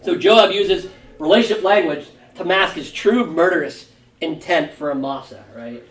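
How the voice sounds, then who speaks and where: High-voiced pastor teaching Sunday school. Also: male voice, normal speed, a little hiss or hum. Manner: conversational, animated retelling. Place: church classroom. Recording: roomy room, distant mic.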